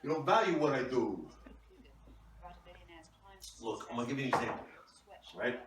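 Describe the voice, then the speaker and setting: A man's voice: mid-range voice, very animated, moderate pace, noisy background, lightly acted. A man playing a self-important, profane online free-speech warrior in a comedy sketch, talking in bombastic war terms. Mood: ranting. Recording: echoey, mic far off.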